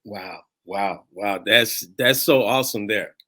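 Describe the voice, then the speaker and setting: A man's voice: fairly low pitch, measured pace, pushed and bright. A man hosting a podcast interview, affirming his guest and signing off in a folksy manner. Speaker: podcast host.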